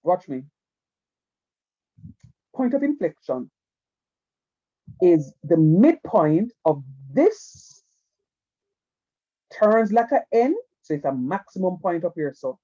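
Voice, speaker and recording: A man's voice: high voice, sing-song, slow pace, pauses often, mellow, lo-fi sound. A man, teaching math in an online class, repeating himself and coaxing students to watch. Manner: repetitive, coaxing, keeps saying "watch me".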